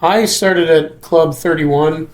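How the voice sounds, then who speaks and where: A man's voice: on the high side, slow, roomy sound, soft background music. A man hosting a casual chat about comedy, rambling and often restarting his sentences. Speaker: comedian and podcast host.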